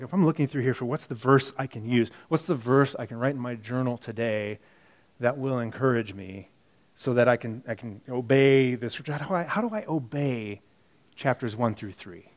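Conversational preaching man, wide swings. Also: mid-range voice. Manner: conversational preaching, swings from quiet asides to emphatic bursts; self-correcting, repeats words. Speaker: pastor. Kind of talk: sermon.

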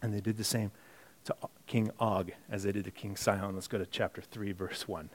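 A man's voice: fairly low pitch, fairly even intonation, brisk. A male pastor delivering a sermon in a loose, conversational manner. He reads scripture and then comments on it, his voice sinking to near-muttered asides before rising sharply for emphasis. He often restarts and repeats words mid-thought. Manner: conversational preaching, swings from quiet asides to emphatic bursts; self-correcting, repeats words.

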